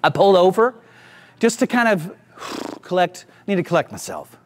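Animated Southern man preaching a sermon. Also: high-pitched, normal speed, slight background noise. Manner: storytelling, animated, self-deprecating. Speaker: pastor.

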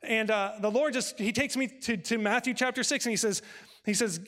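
A male pastor telling a personal story in a sermon, acting out conversations with lively shifts of voice. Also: sits high, brisk, in a large hall. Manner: animated, acts out dialogue with God and his wife.

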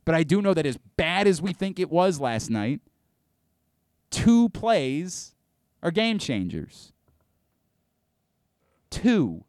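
A man's voice: fairly high pitch, big pitch swings, takes it slowly, pauses often, darkish tone, no room sound, studio quality. A man hosting a sports talk radio show, ranting with exasperation and frequent restarts.

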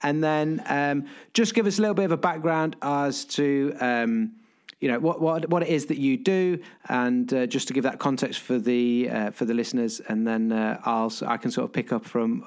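Man co-host, casual and hesitant, lots of ums, mid-range pitch. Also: steady tone, normal speed. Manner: hesitant, full of fillers, friendly. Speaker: podcast co-host. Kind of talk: casual podcast chat.

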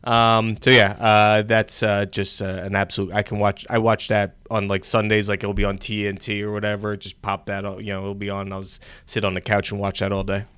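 A man's voice: lowish voice, completely flat delivery, fairly quick, hardly any pauses, a bit bright, smooth, no room sound. A man co-hosting a podcast in casual chat, loose and opinionated, with many fillers. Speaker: podcast co-host.

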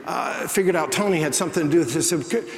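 Preacher, male, slightly higher voice, lively storyteller, roomy church hall with long reverb. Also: fast. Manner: animated, acts out quoted voices in the story. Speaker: pastor. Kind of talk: sermon storytelling. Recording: echoey church hall, faint ambience.

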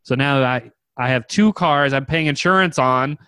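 A man telling a story in casual conversation, animated and exasperated, acting out the people he talks about. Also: mid-range voice, normal speed, smooth, dry recording, clean studio sound. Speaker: podcast co-host telling a story.

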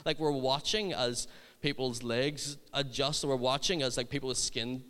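A man's voice: medium pitch, fairly even intonation, moderate pace, a bit bright, in a large hall. A man, a youth ministry leader telling humorous stories in a sermon. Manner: humorous, chatty anecdotes. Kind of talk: sermon storytelling.

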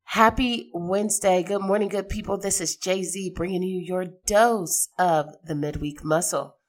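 A middle-aged woman hosting a podcast, hoarse from a sinus infection, talking in a chatty, rambling way and laughing easily. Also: lowish voice, unhurried. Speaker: podcast host. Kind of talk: casual podcast monologue.

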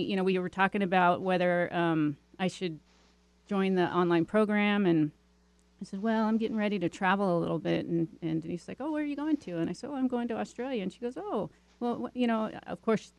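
A woman's voice: mid-range voice, a little fast, no echo. Chatty woman with a dry, close sound. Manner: chatty, with many fillers and restarts. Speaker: interview guest. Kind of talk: casual storytelling.

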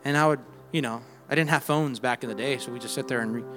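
A man preaching a sermon, swinging between loud exhortation and quiet reflection, with humorous asides and call-and-response lines. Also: mid-range voice, fast talker. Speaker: pastor. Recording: reverberant hall with faint music.

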